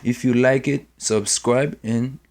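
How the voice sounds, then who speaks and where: A man's voice: medium pitch, fairly even intonation, takes it slowly, darkish tone. A man who speaks natively, teaching words in a casual lesson video and repeating each one several times with a frequent "okay?". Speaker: Creole language teacher.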